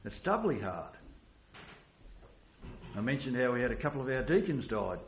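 A man's voice: mid-range voice, sing-song, moderate pace, a little hiss or hum. Earnest man preaching in an echoey room. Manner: earnest, with many restarts and "you know"s. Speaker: pastor. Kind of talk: sermon.

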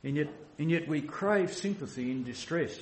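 A man's voice: on the high side, lively intonation, normal speed, a little mellow, slight background noise. Man, pastor, sermon, earnest, restarts often, echoey room. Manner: earnest, with many restarts and "you know"s.

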